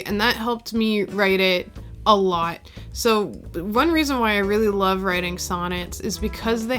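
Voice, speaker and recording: A woman poet walks through her own drafts in an easygoing, chatty way, poking fun at herself as she goes. Her voice sits at an ordinary middle pitch. Soft guitar music plays faintly underneath. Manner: chatty, self-deprecating, laughs at herself. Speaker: poet explaining her editing.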